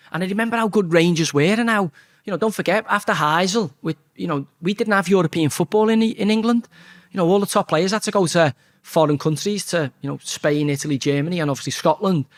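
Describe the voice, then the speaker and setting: A man in his forties with a Scouse accent, a former footballer telling stories as an interview guest, swearing freely and acting out quotes. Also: on the high side. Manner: swears freely, lively anecdotes with acted-out quotes. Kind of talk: casual storytelling interview.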